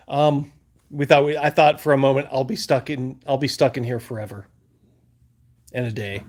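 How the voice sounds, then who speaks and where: A man with a medium-pitched voice and a moderate pace hosts a live stream, casually telling stories to his chat. He rambles and laughs throughout, loudly acting out his own panic.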